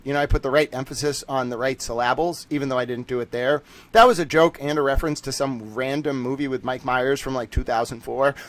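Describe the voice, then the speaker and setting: A man hosting a livestream, talking in a rapid, excitable rant that sometimes turns to yelling. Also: medium pitch, no room sound. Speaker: livestream host.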